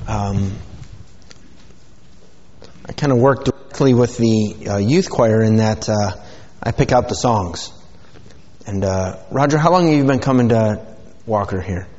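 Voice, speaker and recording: At a measured pace with frequent pauses, a pastor in a church sanctuary offers a rambling, folksy sermon and prayer laden with fillers. His voice is lowish and a little mellow, and the dull recording carries hall reverb and slight background noise.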